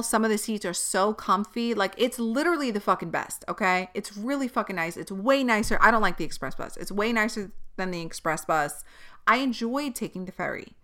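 A woman's voice: medium pitch, fairly quick, pushed and bright. A young woman hosting a podcast, venting in an exasperated, profane way. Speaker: podcast host. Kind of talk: candid solo podcast monologue.

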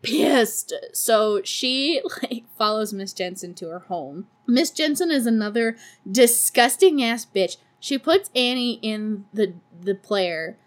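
Speaking slowly with a fairly high, animated voice, this woman hosts a podcast where she chats casually through a movie recap. Frequent laughter mixes with her sarcastic, profane remarks.

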